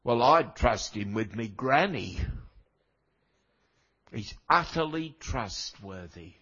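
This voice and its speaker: Older guy preaching slow, husky w a cold, chatty wry sermon, dull lo-fi recording. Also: medium pitch, animated, sharp tone. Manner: conversational, wry asides to the congregation. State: has a cold, coughing now and then.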